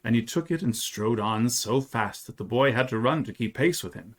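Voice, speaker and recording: A man reading a 19th-century story aloud, telling it in an expressive, dramatic way. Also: medium pitch, normal speed. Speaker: reader.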